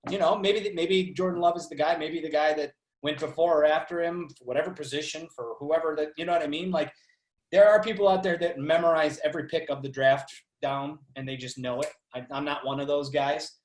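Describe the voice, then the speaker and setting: A male sports reporter talks easily as a podcast guest in a slightly high voice. His speech rambles a little, and it is recorded in an echoey room. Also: fairly even intonation, a little fast. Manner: easygoing, rambling, laughs often. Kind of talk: casual chat.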